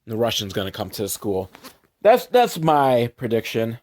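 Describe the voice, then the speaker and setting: A man recapping a movie for comedy, sarcastic, jumping into quick put-on voices for the characters. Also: mid-range voice, huge pitch swings, a little mellow.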